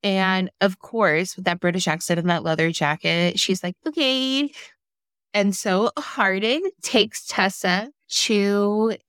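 A woman's voice: mid-range voice, steady tone, a little slow, few pauses, a bit bright, clear, resonant tone, no echo. A woman chatting casually as a podcast co-host, recapping a film with blunt, dry humor.

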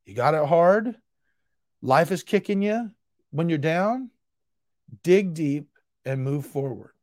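A man's voice: fairly high pitch, lively intonation, takes it slowly, a little mellow, no room sound, studio quality. A man hosting a solo podcast, answering a listener with intense, emphatic tough love that comes across as a bit frustrated. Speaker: podcast host. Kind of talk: solo podcast pep talk.

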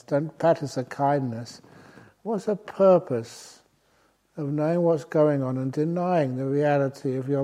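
An older man giving a relaxed dharma talk as a meditation teacher, telling gentle, humorous stories with soft chuckles. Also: on the high side. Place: retreat centre meditation hall.

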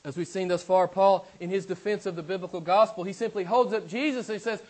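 A middle-aged man preaching a sermon, swinging between loud emphatic declarations and hushed, quiet asides. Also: high voice, steady tone, fast, hardly any pauses. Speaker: pastor.

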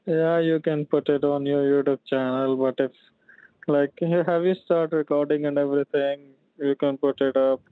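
A man on a casual phone call, hesitant and halting, with many pauses. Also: on the high side, steady tone, no echo. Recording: tinny phone line.

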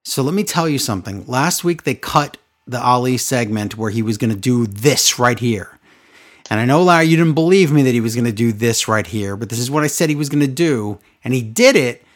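A man's voice: mid-range voice, animated, fairly quick. A man co-hosting a casual podcast chat, ranting with sarcastic exasperation. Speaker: podcast co-host recapping wrestling.

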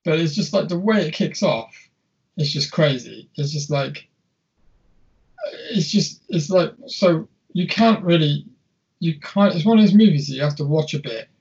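A man's voice: a little high, animated, moderate pace, gravelly, a little mellow, slightly rough, muffled recording. A young man co-hosting a casual film chat, rambling and swearing freely with many restarts. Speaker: podcast co-host.

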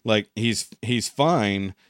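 A man's voice: fairly low pitch, drawn-out words, no echo, studio quality. A young man, co-hosting a podcast and telling a story in casual, profane chat, acting out the voices he quotes. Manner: animated storyteller, swears freely, acts out quotes. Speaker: podcast co-host.

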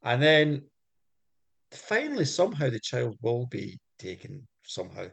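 A man, co-hosting a podcast and retelling folk tales in a playful, animated way with jokey asides. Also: medium pitch, measured pace, creaky, husky. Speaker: podcast co-host. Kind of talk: comic storytelling chat.

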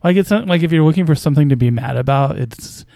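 A man's voice: a little high, fast talker, gravelly, mellow, no room sound. A man casually commenting on basketball news as a podcast host, with a hesitant, wry delivery full of fillers and small chuckles.

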